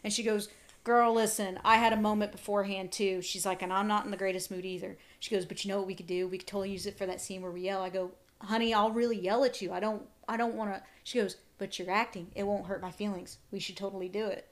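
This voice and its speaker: Woman co-host, casual talk, lively storyteller who voices the people in her stories. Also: mid-range voice, quick pace, few pauses. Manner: animated storyteller, acts out quotes. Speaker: podcast co-host. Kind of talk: casual chat about acting.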